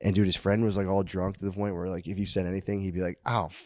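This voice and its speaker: Low-voiced man telling loose stories. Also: little pitch movement, rapid-fire, darkish tone, no room sound, studio quality. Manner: loose storytelling, frequent swearing and laughing. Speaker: podcast host. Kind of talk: casual comedy podcast chat.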